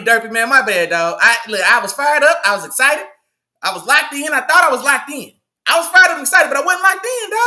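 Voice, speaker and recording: High, bright-voiced hype man hosting. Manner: slangy, hypes up the live chat, repeats himself. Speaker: sports show host. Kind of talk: casual livestream sports talk.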